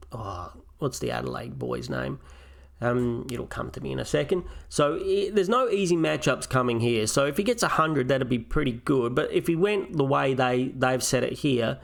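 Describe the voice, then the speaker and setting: Gravelly-voiced man thinking aloud. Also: medium pitch. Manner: thinks aloud, weighing options step by step. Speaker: fantasy football channel host. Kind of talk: casual solo team review.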